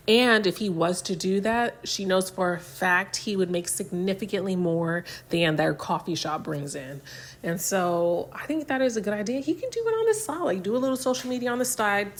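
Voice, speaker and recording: Chatty young woman recapping TV. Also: on the low side. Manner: chatty, many fillers like "um" and "like". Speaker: reality TV recap host. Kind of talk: casual recap commentary.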